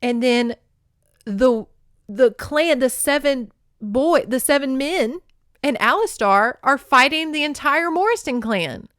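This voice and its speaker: A woman hosting a podcast, recapping a romance novel in an excitable, profane and chatty way, and reading passages aloud. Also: high voice, takes it slowly, no room sound, clean studio sound. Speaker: podcast host. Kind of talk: casual book recap with read-aloud passages.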